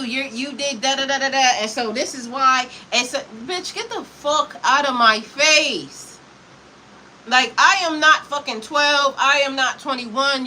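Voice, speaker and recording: A woman's voice: sits high, sharp tone, a little hiss or hum, rough recording. A woman spiritual coach in a heated, profane, emphatic livestream rant.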